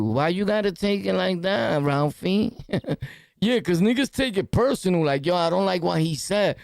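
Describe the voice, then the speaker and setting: A man with a New York City accent, hosting a podcast and reacting to news clips in loud, profane, laughing street talk. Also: high voice, vocal fry, no room sound, studio quality. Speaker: podcast host.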